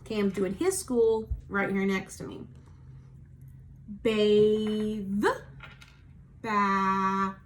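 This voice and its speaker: A woman teacher giving a recorded phonics lesson for young children, slowly modelling sounds for them to repeat and praising them patiently. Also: fairly high pitch, a little hiss or hum. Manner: encouraging, patient. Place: at home.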